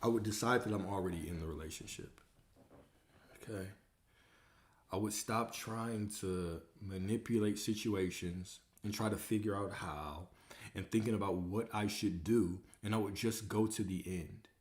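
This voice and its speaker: A man's voice: on the low side, normal speed, echoey room. A man hosting a livestream Q&A, coaching viewers and hammering points home with repeated rhetorical questions. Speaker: host answering viewer questions.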